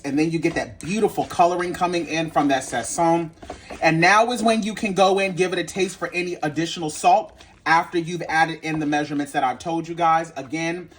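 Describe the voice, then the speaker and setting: A man hosting a home cooking video, talking in a sassy, blunt and animated way with playful exclamations. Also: a little high, slight background noise. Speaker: home cooking channel host. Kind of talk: casual cooking tutorial.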